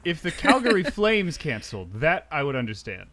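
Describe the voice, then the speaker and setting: A man's voice: fairly high pitch, huge pitch swings, fairly quick, bright, forceful tone, a little hiss or hum. Rambling, wry male podcast guest. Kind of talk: casual chat.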